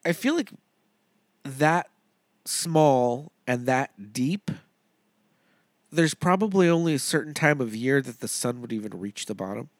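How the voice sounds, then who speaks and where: A man's voice: medium pitch, expressive, measured pace, long pauses, no room sound. A man co-hosting a casual movie podcast, rambling with lots of fillers and frequent laughs. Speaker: podcast co-host.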